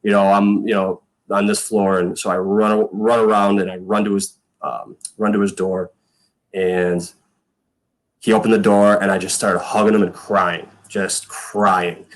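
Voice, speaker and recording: A man's voice: fairly low pitch, little pitch movement, measured pace. A man in his thirties, a former punter guesting on a podcast, telling stories in a rambling way full of fillers and quoted lines. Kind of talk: casual storytelling chat.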